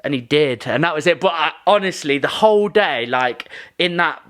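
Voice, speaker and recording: Animated higher-voiced man telling a story. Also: moderate pace. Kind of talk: casual podcast chat.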